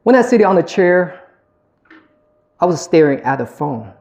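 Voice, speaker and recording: A man in his thirties telling a personal story as a speech, slow and heartfelt, acting out the dialogue. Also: a little high, big pitch swings, creaky, darkish tone. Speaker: public speaker.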